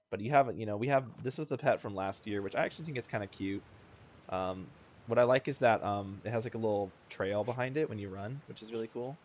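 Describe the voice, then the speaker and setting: Low-voiced man rambling over gameplay. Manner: rambling, chatty, self-deprecating, laughs often. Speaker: gaming video host. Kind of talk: casual let's-play commentary. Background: faint game music.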